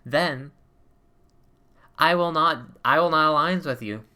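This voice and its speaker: A man's voice: on the high side, measured pace, sharp tone, clean tone. A man doing an emotionally empty young woman. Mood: flat.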